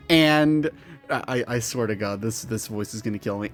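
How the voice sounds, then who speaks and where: A man's voice: lowish voice, normal speed, faint music behind. A man telling a story in character as a weary, sardonic male monster with tails, talking in a profane, rambling and exasperated way. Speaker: roleplaying storyteller.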